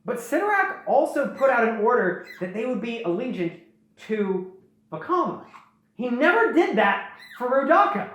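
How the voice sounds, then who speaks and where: A woman's voice: fairly high pitch, sing-song, normal speed, fairly bright tone. Chatty woman host, jokey retelling, heavy room echo. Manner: rambling, jokey, lots of fillers and restarts. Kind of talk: casual retelling of a story. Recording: very echoey room.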